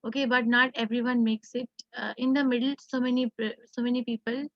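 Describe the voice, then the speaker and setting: Indian accent lady teaching scripture, earnest explaining, kinda high voice, muffled dry recording. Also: little pitch movement, a little fast, no room sound. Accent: Indian English. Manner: earnest, explanatory, chants Sanskrit verses. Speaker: Gita class teacher. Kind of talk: religious scripture class. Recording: dull lo-fi class recording.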